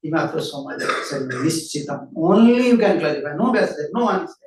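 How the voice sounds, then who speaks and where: A man's voice: fairly high pitch, lively intonation, quick pace, darkish tone, slight background noise. A man giving an earnest devotional lecture, who repeats key phrases and asks and answers his own questions. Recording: roomy hall sound from a distant mic.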